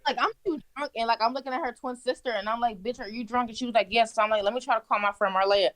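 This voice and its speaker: A woman's voice: a little high, rapid-fire, a bit bright. A young woman telling wild stories in casual, profane chat, laughing as she goes. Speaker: guest. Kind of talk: casual storytelling.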